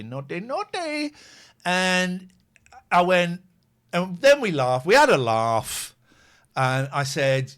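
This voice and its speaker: A man hosting a casual podcast chat, telling a story in an animated, teasing and sweary way. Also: a little high. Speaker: podcast host.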